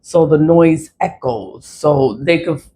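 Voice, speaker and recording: A woman vlogging in a casual monologue from a city high-rise apartment. She rambles, repeats phrases and mimics other people in quoted asides. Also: slow, warm tone, a little hiss or hum, poor audio. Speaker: spiritual vlogger.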